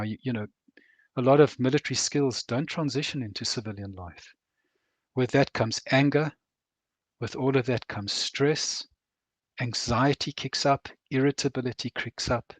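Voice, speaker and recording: An older man from Rhodesia, a veteran author and counsellor, speaking in an earnest, measured way and slowing down on heavy words. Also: medium pitch, no room sound. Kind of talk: reflective interview talk.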